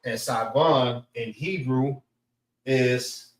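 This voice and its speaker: A man teaching a class, slowly repeating words and breaking them into syllables. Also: mid-range voice. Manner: slow, repetitive, spells out syllables. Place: classroom in a library. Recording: echoey room.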